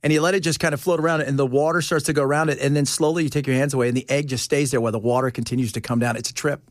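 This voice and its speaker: A man's voice: mid-range voice, fairly even intonation, very fast, no echo. A man hosting a talk radio show, chatting casually in the studio, rambling and laughing often.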